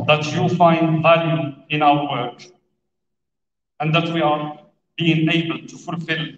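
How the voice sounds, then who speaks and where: A man delivering a formal, prepared opening speech at a conference, speaking in a measured and deliberate way. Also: on the high side. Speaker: conference speaker for an international road federation. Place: large conference hall. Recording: echoey hall, distant and dull.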